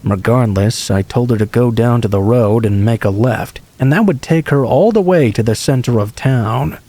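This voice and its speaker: A man calmly reading true scary stories aloud as a steady, scripted horror narration. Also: mid-range voice, normal speed.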